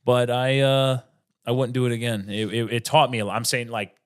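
A man's voice: mid-range voice, little pitch movement, fairly quick, clear, resonant tone. A man talking as a comedian guest on a podcast, rambling in casual chat, often restarting his sentences and swearing freely.

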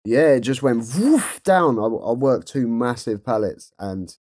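A man co-hosting a podcast, telling stories in a casual, animated way and laughing often. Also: medium pitch, measured pace, dry recording, studio quality. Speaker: podcast co-host. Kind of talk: casual chat.

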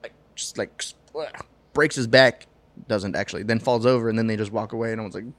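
A man's voice: fairly low pitch, fairly quick, dry recording. A man co-hosting a podcast, joking around and laughing often in casual chat. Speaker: podcast co-host.

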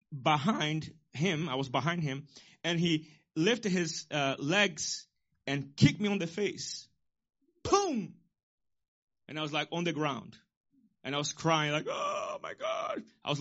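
A man's voice: a little high, measured pace. Emphatic preaching man, dull lo-fi sound. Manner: emphatic preaching with sudden loud peaks and quiet asides. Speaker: pastor. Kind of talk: sermon.

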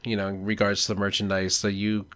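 A man hosting a casual chat, speaking haltingly with fillers. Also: fairly low pitch, monotone, fairly bright tone, smooth. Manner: halting, fills with "you know" and "uh". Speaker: host.

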